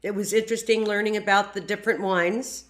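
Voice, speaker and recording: A woman's voice: medium pitch, steady tone, brisk. A woman on a reality show aftershow, telling stories in a rambling, giggly way. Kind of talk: casual chat.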